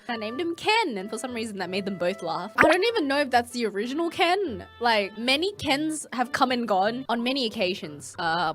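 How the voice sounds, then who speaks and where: A high-voiced woman streamer tells a story with bouncing, lively pitch. Her storytelling is excitable and animated. Faint music plays behind her. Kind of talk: casual chat, recounting a story.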